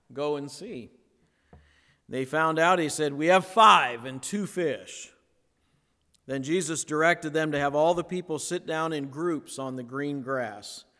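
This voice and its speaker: Man, pastor, slow conversational sermon, slightly high voice, long hall reverb. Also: sharp tone. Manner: slow, conversational preaching with playful voiced asides.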